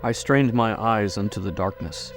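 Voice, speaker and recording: A man reading a horror story aloud in a measured, grave storytelling manner. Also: on the low side, over music. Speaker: audiobook narrator. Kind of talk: scripted narration of a horror story.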